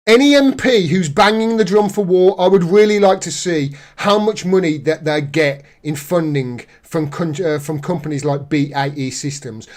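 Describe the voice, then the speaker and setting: Sarcastic man ranting. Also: high voice. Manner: sarcastic, indignant, reads news aloud. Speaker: political commentary host. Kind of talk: live-stream ranting commentary.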